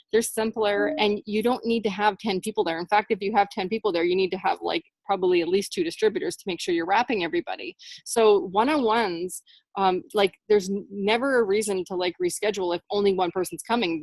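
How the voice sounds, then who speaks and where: A woman's voice: mid-range voice, dry recording. A young woman leading a team video call, chatty and encouraging, saying "like" a lot. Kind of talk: casual team call pep talk.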